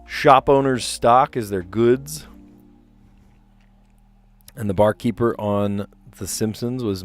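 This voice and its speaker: A man with a fairly low voice hosts a relaxed livestream, working through word puzzles. He reads each clue aloud and wanders into friendly personal asides, chuckling easily as he goes. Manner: reads clues aloud, chatty asides, amused laughter. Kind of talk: casual livestream commentary.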